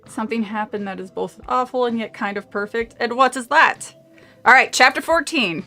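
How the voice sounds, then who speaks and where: A woman's voice: fairly high pitch, moderate pace, pushed and bright, soft background music. A woman streaming herself reading a horror novel aloud, chatting casually and drifting into tangents, often laughing. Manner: rambling, with frequent tangents and laughs. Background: faint movie audio.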